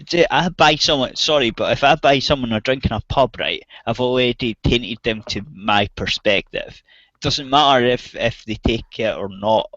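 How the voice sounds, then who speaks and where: A man rants in a casual chat, furious and cursing constantly. His voice sits at an ordinary middle pitch. The audio is dull and dry, like an online voice call. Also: normal speed, a bit bright, no echo. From outside the US. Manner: angry, heavy swearing, ranting.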